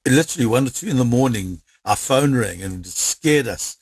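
A South African man recounts events with energy, voicing the people he quotes as he goes. His voice is husky. The recording is dry and close. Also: mid-range voice, normal speed, no echo. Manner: lively, acts out quoted dialogue. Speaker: interviewee. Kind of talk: animated storytelling.

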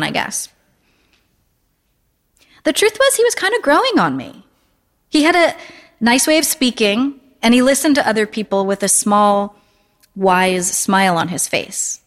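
A woman's voice: medium pitch, fairly bright tone. A woman narrating a first-person literary story with a dry, wry delivery. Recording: long hall reverb.

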